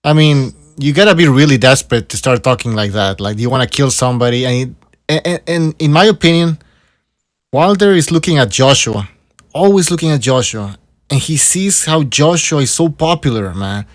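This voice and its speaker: A man on a boxing podcast, mid-pitched, wry and exasperated as he swears through his points. The recording is dry, with the mic close. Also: animated, normal speed, no echo. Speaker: podcast co-host. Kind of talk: casual boxing podcast chat.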